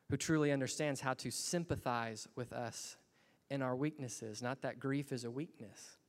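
A man's voice: medium pitch, long reverb tail. A man preaching a sermon in a church, earnest and building to emphatic bursts. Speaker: pastor.

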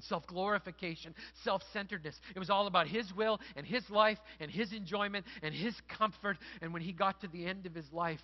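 A man's voice: sits high, highs cut off. A middle-aged man preaching a sermon as pastor, telling stories in a conversational way and building to earnest emphasis.

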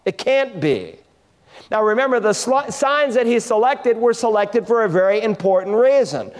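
A preacher with a high, bright-sitting voice delivers an expressive sermon to his congregation. He swings his delivery for emphasis and drops low and hushed on the tender passages. A long reverb trails each phrase, as in a church sanctuary. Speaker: pastor.

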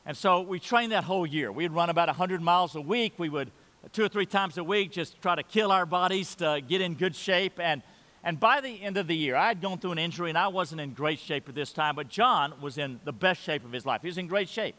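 A man's voice: on the high side, fairly quick, pushed and bright, big-room sound. An older man in his sixties preaching a sermon in a church, earnest, repeating phrases and leading the congregation in saying lines aloud. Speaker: pastor.

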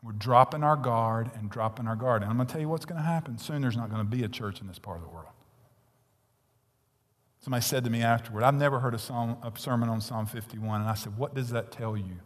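A man preaching a sermon, blunt and intense, swinging from loud peaks to hushed whispers. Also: mid-range voice, quick pace, in a large hall. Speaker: pastor.

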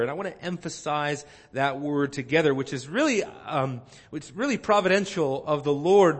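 A man preaching a sermon in a church, his voice sitting a little high for a man. He teaches earnestly, restarting phrases and filling pauses as he works through a text. The sound rings with the long reverb of a large hall. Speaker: pastor. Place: church sanctuary.

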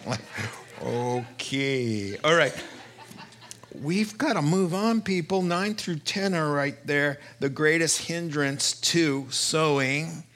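A middle-aged man preaching a sermon as pastor, earnest and storytelling, his voice climbing higher as he retells conversations. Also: fairly bright tone. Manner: earnest, storytelling, rises in pitch when retelling dialogue.

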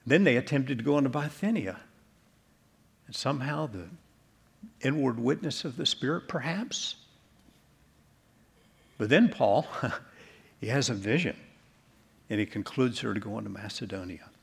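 Man, pastor, church sermon, gravelly, husky, earnest. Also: medium pitch, lively intonation, unhurried, long pauses. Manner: earnest preaching, ending in soft prayer.

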